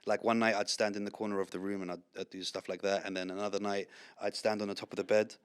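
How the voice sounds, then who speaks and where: A man's voice: fairly low pitch, flat delivery, quick pace, clean tone. A man hosting a casual podcast interview, teasing his guest and telling a long story in a playful way. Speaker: podcast host.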